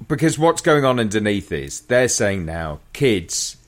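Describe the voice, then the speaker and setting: A man in casual chat about a film, animated and playful, often adding tag questions. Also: lowish voice, unhurried. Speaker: podcast co-host.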